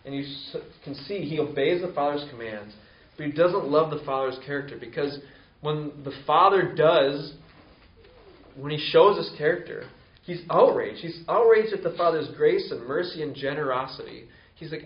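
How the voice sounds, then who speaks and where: A man preaching a conversational sermon who acts out quoted voices with rising pitch. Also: moderate pace. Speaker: pastor. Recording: roomy, distant, dull lo-fi sound.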